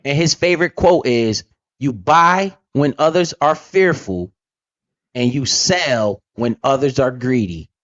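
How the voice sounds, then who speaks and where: A man's voice: medium pitch, expressive, measured pace, fairly bright tone, dull audio. A man hosting a casual, profane talk about investing, blunt and emphatic with lots of slang. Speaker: podcast host.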